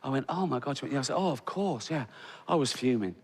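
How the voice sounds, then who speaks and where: A man's voice: medium pitch, fast talker, husky. A man doing stand-up comedy, telling a long story and mocking people with put-on voices. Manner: animated, mocking voices in quoted lines. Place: large theatre stage. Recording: live theatre with long reverb and loud crowd ambience.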